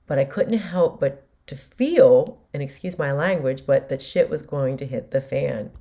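A woman in her forties hosts a podcast and tells a personal family story. She speaks in a low voice, candid and emotional, and acts out what each person said. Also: lively intonation, a little slow, hardly any pauses, warm tone. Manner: candid, emotional retelling with quoted dialogue. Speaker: podcast host.

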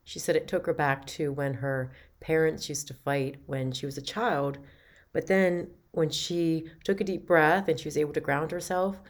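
A woman's voice: sits low, steady tone, normal speed. A woman hosting a podcast, animatedly telling a personal story and recounting conversations. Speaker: podcast host.

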